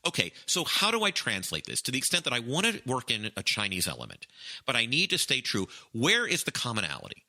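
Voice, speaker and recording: A man co-hosting a podcast, talking in an excitable, emphatic way and often restarting his phrases. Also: mid-range voice, fast talker. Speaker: podcast co-host. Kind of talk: casual chat.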